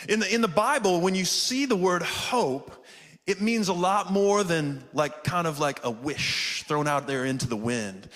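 A man's voice: a little high, expressive, normal speed, fairly bright tone, big-room sound. A pastor preaching a conversational sermon to his congregation, calling for responses from the pews and from viewers online. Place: church sanctuary, also streamed online.

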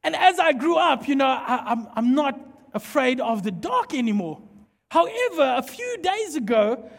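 A man preaching a sermon, animated and playful as he jokes with the congregation. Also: very high voice, normal speed. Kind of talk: sermon with humorous storytelling. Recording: long hall reverb.

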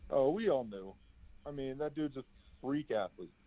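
A man's voice: medium pitch, lively intonation, normal speed. A young man, a former college basketball player, answering interview questions in a laid-back, chatty way full of fillers. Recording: tinny phone-like line, dry.

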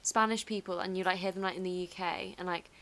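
A young woman in a casual chat, telling stories in an animated way with lots of fillers. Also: on the low side, fast talker.

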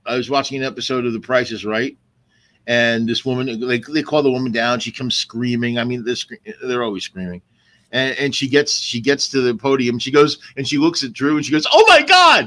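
A man's voice: medium pitch, fairly even intonation, a little fast, fairly bright tone. A man co-hosting a comedy podcast, chatting casually and asking questions. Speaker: podcast co-host. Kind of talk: casual chat.

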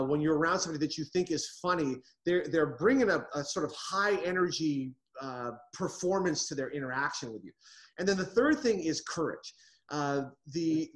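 A middle-aged man from the United States, a comedy writer and interview guest, who tells stories in an animated way with frequent restarts. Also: a little high. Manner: animated storyteller, restarts often. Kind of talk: casual interview.

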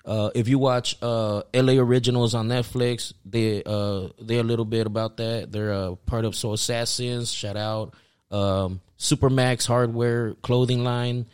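A man's voice: mid-range voice, steady tone, a little slow, a little mellow, clear, resonant tone. Laid-back swearing podcast host man. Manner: laid-back, swears often, many fillers. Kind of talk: casual chat.

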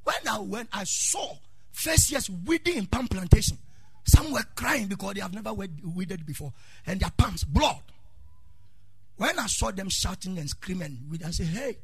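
Loud, sing-song Ghanaian preacher, man. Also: high voice, animated, moderate pace, gravelly, husky, no room sound. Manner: preaching with call and response, sing-song shouting, storytelling. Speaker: pastor. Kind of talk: sermon.

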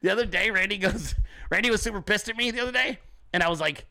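A man in his forties hosting a show, telling stories in a swearing, animated rant. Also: high voice, fast. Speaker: show host. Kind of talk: profane ranting monologue.

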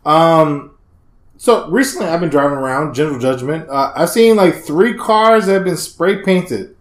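Animated, swearing man telling stories. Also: fairly high pitch, moderate pace, roomy sound. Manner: animated storyteller, swears, acts out voices. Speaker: podcast co-host. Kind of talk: casual chat.

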